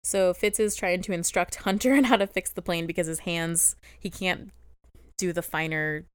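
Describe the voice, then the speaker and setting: A woman's voice: fairly low pitch, steady tone, normal speed, smooth, dry recording, clean studio sound. A woman co-hosting a podcast, chatting casually and giggling often as she recaps a TV episode. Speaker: podcast co-host.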